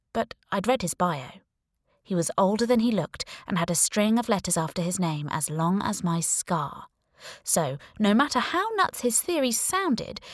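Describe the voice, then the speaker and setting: A woman reading a first-person thriller audiobook, slow and deliberate with lively expression. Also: medium pitch, no room sound, clean studio sound. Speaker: audiobook narrator. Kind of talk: scripted first-person narration.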